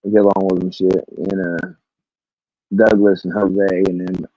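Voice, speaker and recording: A man's voice: low-pitched, level tone, normal speed, mellow, no room sound. A man ranting about his workday to camera, rambling and swearing, laughing often. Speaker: vlogger. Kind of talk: casual rant. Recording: dull, lo-fi, dry recording.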